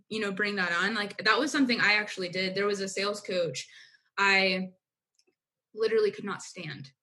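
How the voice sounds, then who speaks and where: A young adult woman speaking as a coach on a podcast, candid and loose, with plenty of filler words. Her voice sits at a middle pitch for a woman. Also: sharp tone. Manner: candid, uses filler "like" and mild swearing. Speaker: business coach, podcast guest. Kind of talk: casual podcast conversation.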